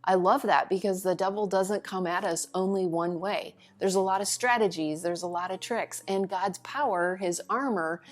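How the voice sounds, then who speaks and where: A woman's voice: on the low side, darkish tone. A woman leading a women's Bible study, teaching in an earnest, casual way with loose fillers.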